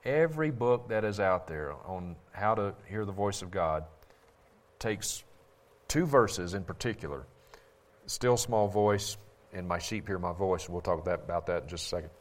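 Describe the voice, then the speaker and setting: A man's voice: deep voice, normal speed. Insistent man teaching Scripture. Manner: forceful, insistent, repeats points for emphasis. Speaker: Bible teacher. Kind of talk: critical sermon-style commentary.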